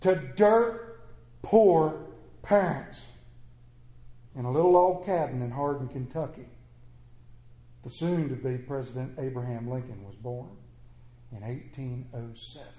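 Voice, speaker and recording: A man preaching a sermon to a congregation, swinging between loud emphatic phrases and hushed low lines, repeating phrases to build his point. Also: measured pace, pauses often. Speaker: pastor. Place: church sanctuary with congregation. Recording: echoey church room.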